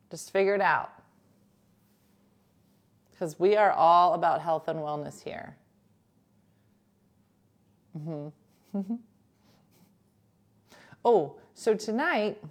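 A woman hosting a talk show, chatting casually and joking with her co-hosts. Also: low voice. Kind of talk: casual chat.

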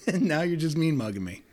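A man hosts a laid-back podcast from a friend's home. His voice sits a little high, and he jokes and laughs easily as he talks. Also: very animated, normal speed, a little mellow. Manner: joking, laughs often. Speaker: podcast host. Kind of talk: casual podcast chat. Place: friend's house.

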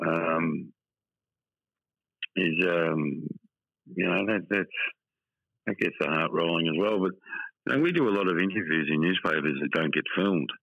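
A man's voice: deep voice, creaky, a bit bright, no echo, poor audio. A middle-aged Australian man, a football journalist, talking candidly in a casual podcast interview, often repeating himself and restarting.

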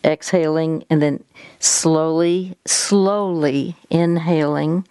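Slow, low-voiced woman giving advice. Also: darkish tone, dry recording. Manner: measured, patient, guiding the caller step by step. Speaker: host giving faith-based advice.

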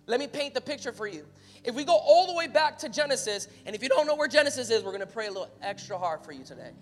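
A man preaching a sermon as pastor, talking casually at times and building to loud, emphatic calls to the congregation. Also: very high-pitched, very animated, quick pace, big-room sound, soft background music. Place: church sanctuary.

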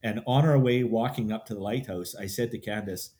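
A man from Canada telling a hiking trip story in a relaxed, chatty way. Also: fairly low pitch, fairly quick. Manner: chatty, quotes people in stories. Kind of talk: casual storytelling.

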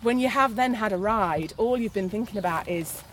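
A woman, a riding instructor, coaching and chatting outdoors in an encouraging, calm way. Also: mid-range voice, normal speed, slight background noise. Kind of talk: casual outdoor coaching chat. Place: outdoors at a stable.

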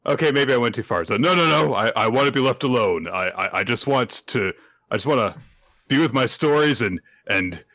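A man's voice: mid-range voice, expressive, brisk, a bit bright, dry recording. A man co-hosting a casual podcast, dry and sardonic in his jokes. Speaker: podcast co-host. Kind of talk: casual chat.

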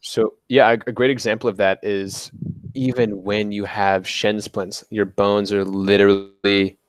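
A man's voice: on the low side, a little slow, no room sound. A young man, a podcast guest, casually telling a story and acting out the quoted lines. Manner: animated retelling with quoted dialogue.

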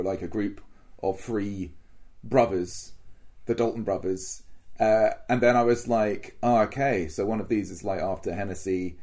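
A man's voice: fairly low pitch, warm tone. Rambling man full of "like" fillers. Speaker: podcast co-host. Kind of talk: casual chat.

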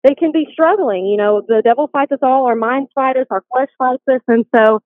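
A woman, a guest telling her faith testimony in an earnest, animated way. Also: high voice, a little fast, no echo. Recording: dry, tinny phone line.

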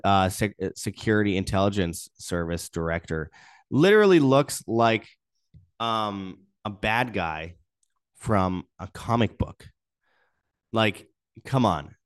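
A man's voice: fairly low pitch, dry recording, clean studio sound. A young man hosting an independent news commentary show, reading articles aloud and adding indignant, sarcastic asides.

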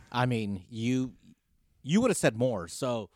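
A man's voice: mid-range voice, animated, slow pace, no echo, clean studio sound. A man hosting a podcast, joking and crude in casual banter. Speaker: podcast host.

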